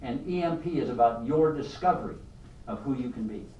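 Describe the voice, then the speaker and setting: An older man giving a motivational leadership talk to a live audience, an animated storyteller who keeps asking the room questions. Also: mid-range voice, fairly quick, roomy sound, distant mic, a little hiss or hum, poor audio. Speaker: leadership speaker.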